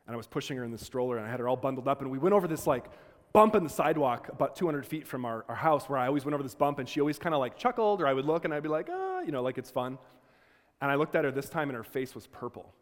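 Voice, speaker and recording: A man's voice: medium pitch, very fast. Earnest male lecturer in a reverberant hall. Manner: earnest, conversational, frequent restarts. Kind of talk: lecture with personal storytelling.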